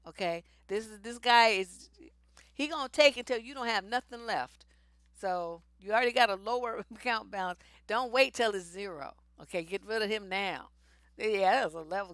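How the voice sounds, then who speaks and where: A relationship advice host answers viewer questions on a live stream in a blunt, sassy, no-nonsense way, full of slang and swearing. Her mid-range voice is bright and forceful, with no room sound.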